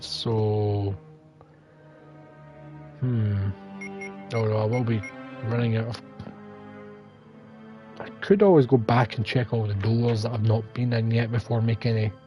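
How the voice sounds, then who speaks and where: A man hosting a gaming livestream, chatting casually and self-deprecatingly as he thinks aloud through the game. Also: mid-range voice. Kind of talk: casual gameplay commentary.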